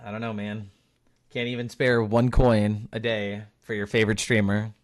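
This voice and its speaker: A man's voice: lowish voice, little pitch movement, moderate pace. A male game streamer chatting casually while playing, thanking viewers and teasing his friends. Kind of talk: casual live-stream chat while gaming.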